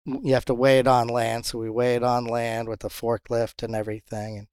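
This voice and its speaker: A man who captains a charter fishing boat, telling fishing stories in a casual interview and jumping into high voices when he quotes others. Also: fairly quick, clear, resonant tone, no room sound, studio quality. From Pompano, Florida. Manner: animated storyteller, jumps high when quoting others.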